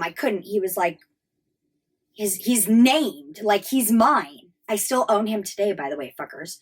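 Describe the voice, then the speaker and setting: A high-pitched American woman in her thirties speaks straight to her viewers. She recounts her past with raw, candid emotion and swears freely. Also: lively intonation, measured pace, fairly bright tone. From United States. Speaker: travel vlogger. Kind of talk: emotional storytelling.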